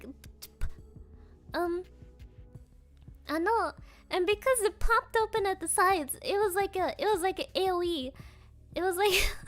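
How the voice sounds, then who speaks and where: A young woman with a very high voice chats with her stream audience in an unhurried way. Her stories ramble and are full of fillers and giggles. Faint music plays behind her. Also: a bit bright. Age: young adult. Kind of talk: casual chat with viewers.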